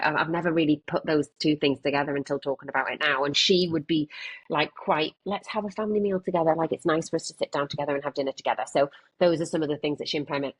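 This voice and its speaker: A woman's voice: deep voice, breathy edge, rough recording. A woman in her late twenties with an English accent, a podcast guest talking candidly in a frank, rambling way with casual swearing. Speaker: guest, content creator.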